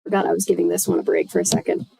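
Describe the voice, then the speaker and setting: A woman's voice: on the low side, flat delivery, rapid-fire, creaky, mellow, slightly rough, no room sound, faint music behind. A woman reading a children's horror book aloud casually, with chatty joking asides.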